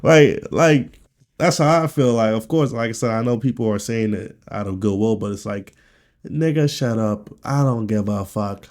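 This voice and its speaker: A man from Nigeria talking candidly in a personal video diary, with a low, subdued and profane, rambling delivery. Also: moderate pace, a little mellow. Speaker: vlogger.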